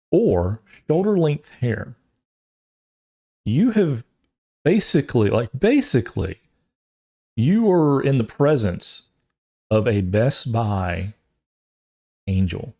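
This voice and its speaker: A man's voice: medium pitch, mellow. A man in his thirties, a podcast host, telling a long rambling story in a casual way and acting out the voices of other people as he goes.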